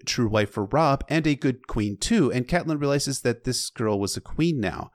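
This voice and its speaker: A man's voice: mid-range voice, lively intonation, normal speed, hardly any pauses. A man with sardonic, irreverent asides, giving a comedic reading and recap of a novel. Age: adult, past sixteen. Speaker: book recap narrator.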